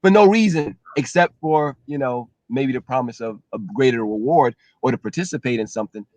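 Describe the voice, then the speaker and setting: A man co-hosting a casual live-stream talk show, animated and explanatory. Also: medium pitch, brisk, no room sound. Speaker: co-host, relationship talk.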